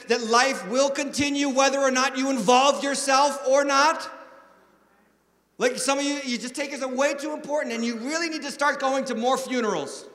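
A man's voice: very high voice, pushed and bright. A man preaching a sermon as pastor, in a conversational, joking storytelling manner. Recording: long reverb of a large church hall.

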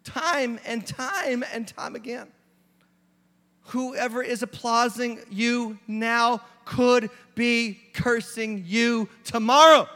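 A middle-aged male pastor preaching with emphatic force, his voice high and bright as it rises and presses each point. It carries through a large sanctuary with a long reverb trailing behind it. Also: slow. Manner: emphatic, preaching with rising intensity. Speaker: lead pastor. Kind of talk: sermon. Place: church sanctuary.

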